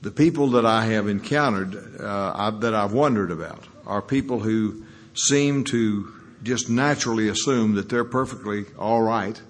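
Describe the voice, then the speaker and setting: Sharing at a meeting as a recovering alcoholic, an older lawyer spins folksy anecdotes about his recovery. His voice is on the low side and moves at a moderate pace.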